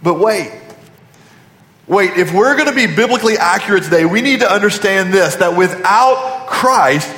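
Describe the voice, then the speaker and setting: Pastor guy preaching, kinda high voice, big echoey church hall. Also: lively intonation, normal speed, pushed and bright. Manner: preacherly, repetitive emphasis, rhetorical questions. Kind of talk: sermon. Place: large church auditorium.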